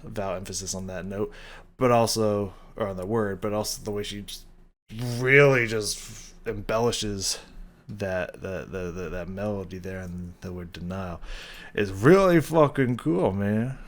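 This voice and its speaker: A man's voice: lowish voice, unhurried. A man casually reacting to and breaking down a song, rambling with enthusiasm, humming melody bits and swearing casually. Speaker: music reaction channel host.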